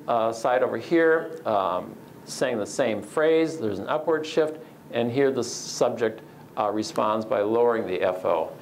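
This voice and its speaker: Gravelly-voiced man giving a lecture. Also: mid-range voice, darkish tone, slight background noise, poor audio. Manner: measured, explanatory, frequent "uh" fillers. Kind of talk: academic lecture with slides.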